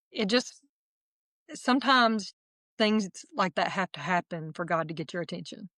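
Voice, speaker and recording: Woman, middle-aged, guest testimony, earnest halting storytelling, dry close sound. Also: lowish voice, no echo. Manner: earnest storytelling, with frequent restarts and soft laughs. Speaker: interview guest sharing her testimony. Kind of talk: emotional personal testimony.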